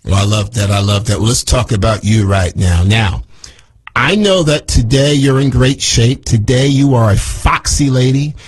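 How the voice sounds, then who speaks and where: A man hosting a radio talk show, emphatic and repeating his phrases like a sales pitch. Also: normal speed, husky, low-quality recording.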